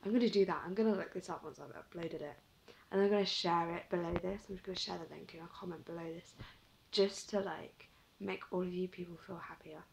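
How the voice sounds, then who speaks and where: A woman's voice: on the low side, vocal fry, slight background noise, low-quality recording. A young woman vlogging to camera, chatty and giggly, telling a story with lots of "like".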